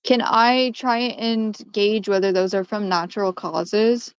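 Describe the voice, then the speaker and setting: A woman's voice: medium pitch, fairly even intonation, slow, clear, resonant tone, no echo. A woman playing in a tabletop game, describing her moves hesitantly with many fillers. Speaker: player. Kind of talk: casual tabletop play. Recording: slightly muffled home mic.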